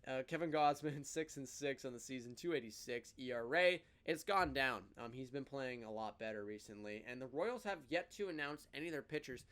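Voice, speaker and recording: A man hosting his own fan show, giving a casual sports recap and opinions with excitable energy, rattling off stats. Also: mid-range voice, fairly quick, few pauses. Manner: excitable, rattles off stats, lively rises and dips.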